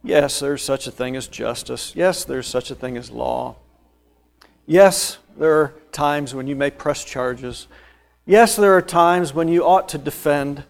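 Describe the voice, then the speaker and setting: A male preacher with a slightly higher voice, delivering a sermon that walks through scripture verse by verse. He presses key phrases with rising force, then drops back to quieter explanation. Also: measured pace, vocal fry. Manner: emphatic, rising to loud stressed phrases then dropping low.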